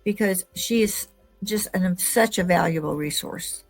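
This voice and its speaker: A woman's voice: on the low side, measured pace, faint music behind. A woman hosting an interview podcast who often murmurs agreement and speaks with enthusiasm. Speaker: podcast host.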